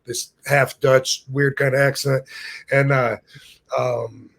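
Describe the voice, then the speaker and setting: A man's voice: medium pitch, takes it slowly. A man in his fifties hosting a podcast, telling long rambling anecdotes in casual chat. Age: 50s. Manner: rambling, animated anecdotes with put-on voices. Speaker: podcast host. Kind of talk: casual storytelling.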